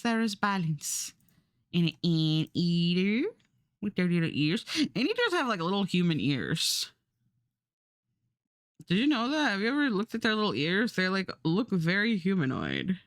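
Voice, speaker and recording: A woman's voice: fairly low pitch, no room sound, clean studio sound. A young adult woman streaming, chatting casually and rambling while she draws, swearing now and then.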